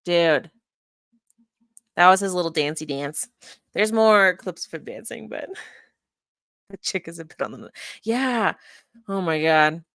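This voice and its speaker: A woman's voice: on the low side, lively intonation, takes it slowly, pauses often, fairly bright tone, no room sound, studio quality. A young adult woman streaming from her computer, chatting casually, rambling, swearing and muttering to herself as she searches. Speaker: streamer reviewing a live stream. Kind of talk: casual livestream chat. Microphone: desk microphone.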